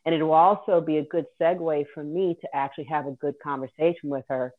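A woman's voice: deep voice, fairly even intonation, a little fast. A woman telling an earnest, vivid personal story as a guest host. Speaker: guest host sharing her caregiving story. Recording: tinny phone-like audio.

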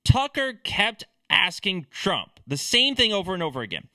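A man's voice: high-pitched, sing-song, moderate pace, sharp tone, dry recording. A man giving sarcastic, opinionated political commentary in a ranting manner.

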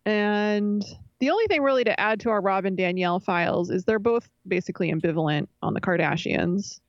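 A woman's voice: mid-range voice, brisk, no room sound. Chatty woman co-host, dry, muffled mic. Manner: chatty, opinionated, laughs often. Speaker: podcast co-host. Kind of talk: casual chat.

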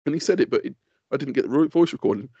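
A man's voice: mid-range voice, expressive, racing, dark tone, breathy edge, no room sound, dull audio. A man co-hosting a podcast who tells rambling stories and laughs a lot. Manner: rambling storyteller, laughs often. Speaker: podcast co-host. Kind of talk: casual chat.

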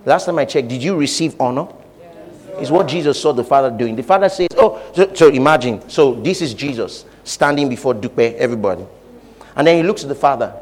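A man preaching a sermon with animated delivery, acting out voices and laughing often. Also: medium pitch, brisk, long reverb tail, slight background noise. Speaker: pastor.

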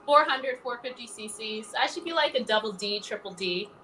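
A woman's voice: a little high, animated, normal speed, pushed and bright, slight background noise, poor audio. A woman talking animatedly as an interview guest, laughing often as she tells her story. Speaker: interview guest, former pageant titleholder. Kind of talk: casual interview chat.

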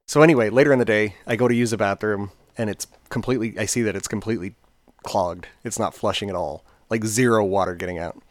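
A man's voice: on the low side, fast talker, no room sound. A man telling rambling, casual stories on a podcast. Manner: rambling, chatty, many fillers. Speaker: podcast co-host. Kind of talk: casual storytelling chat.

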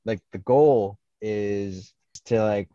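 A man's voice: lowish voice, slow pace, mellow, dry recording, highs cut off. Laid-back male podcast host. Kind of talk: casual chat.

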